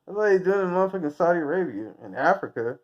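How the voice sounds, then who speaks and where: A man's voice: sits high, animated, fast. Laughing, swearing man on a dull recording. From United States. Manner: rambling, crude, laughs often at own jokes. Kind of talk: casual profane rant.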